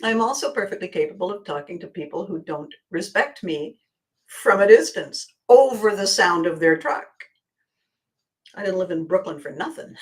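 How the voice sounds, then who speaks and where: A woman hosting a podcast, telling stories in an animated way, acting out quoted voices and dropping to quiet asides. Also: medium pitch. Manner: laughs often, drops to quiet asides. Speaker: podcast host and coach. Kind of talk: storytelling monologue.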